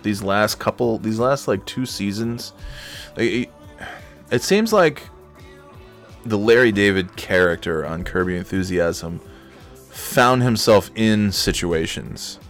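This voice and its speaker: A male podcast host rambles on his own in a loose, profane, digressive way. His voice sits on the low side. Faint music plays behind him. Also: lively intonation, takes it slowly, a bit bright. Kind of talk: casual solo podcast rambling.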